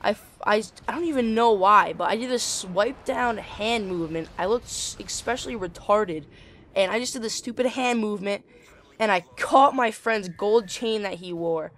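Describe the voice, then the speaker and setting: A man's voice: sits high, moderate pace, fairly bright tone. A teenage boy casually telling a story over gameplay, rambling with lots of fillers and casual swearing. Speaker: gaming channel host.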